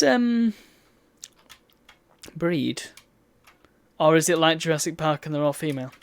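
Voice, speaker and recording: A woman's voice: low voice, very animated, slow, creaky, long pauses, no room sound. A woman chatting through a live game stream, with exasperated outbursts at the game. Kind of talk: live gameplay commentary.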